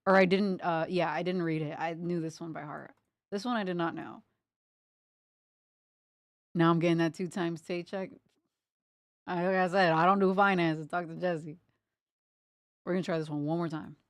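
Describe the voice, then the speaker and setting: Playful young woman, low voice, dry sound. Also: steady tone, normal speed, pauses often, dry recording. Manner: playful, reciting tongue twisters and laughing at slips. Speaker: art streamer. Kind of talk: casual chat while drawing.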